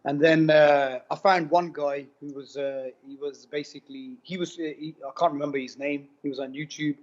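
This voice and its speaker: A man giving a testimonial interview, telling his story in an animated, casual way full of slang and repetition. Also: a little high, normal speed. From United Kingdom. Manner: animated, repeats himself, slangy with "bro" and "man". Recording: dull lo-fi sound.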